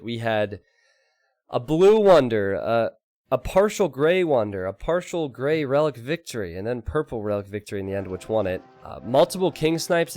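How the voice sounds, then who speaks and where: A man casting a strategy game live, excitable and quick to laugh as he talks to his viewers. His voice sits at an ordinary mid pitch. The sound is dry, with almost no room echo. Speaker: game caster and streamer.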